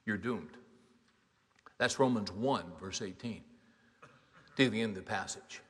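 In a lowish, somewhat bright voice with a breathy edge, the pastor preaches unhurriedly and pauses often. His sermon, delivered in a reverberant hall, is emphatic and conversational, and he poses rhetorical questions.

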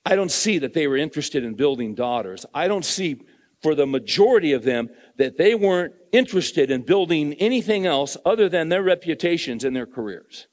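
A man's voice: a little high, sing-song, a little fast, big-room sound. A middle-aged man preaching a sermon in an earnest, conversational way, repeating phrases for emphasis.

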